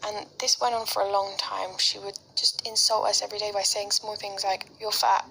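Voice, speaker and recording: A woman with an English accent telling a story in a chatty way, often slipping into soft whispers. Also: medium pitch, level tone, fairly quick, vocal fry, slight background noise, low-quality recording. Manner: chatty, heavy use of "like", drops into soft whispers.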